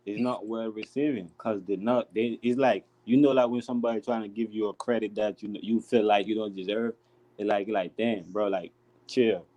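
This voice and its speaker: A man's voice: fairly low pitch, steady tone, fairly quick, mellow, low-quality recording. A man speaking on a casual panel, rambling with many restarts and filler words. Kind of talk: casual chat.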